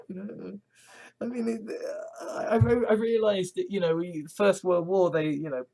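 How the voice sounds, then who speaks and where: Speaking in a mid-range, creaky voice with a dark tone and fairly even intonation, this vlogger delivers a rambling, halting casual monologue. There are many restarts and nervous laughs, some swearing, and an earnest, agitated mood.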